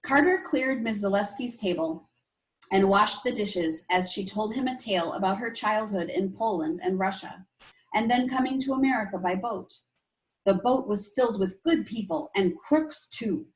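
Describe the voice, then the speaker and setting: A woman teacher reading a chapter book aloud to her class, expressive and stopping to explain things to the children. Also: mid-range voice, moderate pace, poor audio. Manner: expressive, asides to young listeners.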